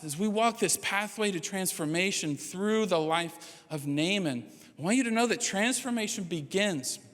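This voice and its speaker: Playful preacher, conversational, in a church hall. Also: male voice, sits high, a bit bright. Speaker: pastor. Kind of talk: sermon with storytelling and humor.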